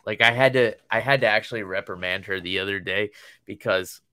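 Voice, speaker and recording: A man's voice: fairly low pitch, fairly quick, sharp tone, clear, resonant tone, no room sound, studio quality. A man in his thirties chatting casually on a podcast, telling long rambling stories and laughing often. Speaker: podcast co-host. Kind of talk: casual chat.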